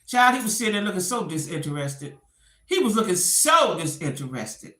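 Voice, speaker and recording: A woman offers casual gossip commentary, retelling a story in animated fashion and acting out the quotes. Her voice sits on the low side at a moderate pace, with a roomy sound.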